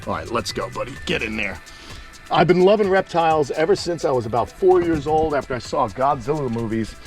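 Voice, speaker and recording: A man's voice: medium pitch, animated, a little fast, over loud music. A man hosting a casual, enthusiastic walking tour of outdoor animal enclosures, talking with lots of fillers. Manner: chatty and enthusiastic, many fillers. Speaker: reptile sanctuary owner and host.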